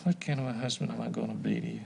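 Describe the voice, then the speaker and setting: An actor playing a panicky, insecure young husband in a hospital bed in a television comedy, stammering anxiously. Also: male voice, medium pitch, fairly even intonation, rapid-fire, gravelly, darkish tone, a little hiss or hum. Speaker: patient.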